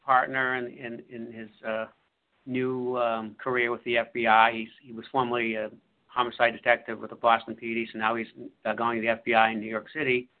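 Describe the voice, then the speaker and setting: A man, an author, talking about his book in a halting way with many fillers. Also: medium pitch, monotone. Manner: halting, full of fillers and restarts. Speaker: author being interviewed. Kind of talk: casual radio interview. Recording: phone-like line.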